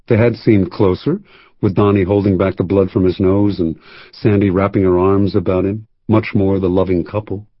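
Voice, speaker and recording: A man reads a first-person thriller in a measured, wry storytelling voice. His tone is husky and a little low. The recording is dry and close, with a slightly dull, muffled top end. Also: no echo. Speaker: audiobook narrator. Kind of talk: first-person scripted narration.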